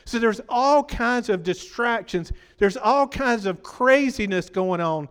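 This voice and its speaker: A man's voice: very high voice, expressive, measured pace, a bit bright, clean tone, long reverb tail. A man preaching a sermon, talking conversationally and quizzing the congregation, his voice worn from preaching.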